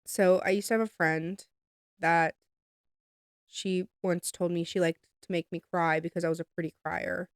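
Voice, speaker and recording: A woman co-hosting a podcast, chatting casually in a soft, agreeable way. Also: lowish voice, fairly even intonation, moderate pace, no echo, clean studio sound. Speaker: podcast co-host. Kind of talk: casual chat.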